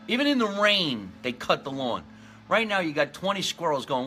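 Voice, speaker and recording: Guy in his 40s doing a loose comedy monologue, sharp bright voice, rambly, faint hiss. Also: fairly high pitch, lively intonation, fairly quick. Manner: rambling, jokey, with lots of fillers and restarts. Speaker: comedian hosting his own live show.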